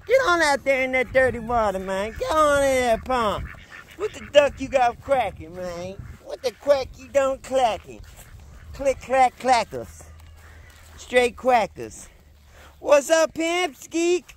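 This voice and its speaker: Man, very high voice, unhurried, playful animal banter, outdoor homestead vlog. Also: a bit bright. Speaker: homestead vlogger. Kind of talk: casual vlog narration. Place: outdoors on a homestead among poultry.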